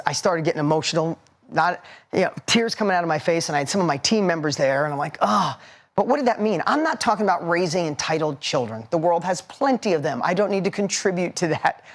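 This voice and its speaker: A man in his forties giving a motivational seminar talk, punchy and emphatic, hammering points with repetition. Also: sits high. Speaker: motivational speaker.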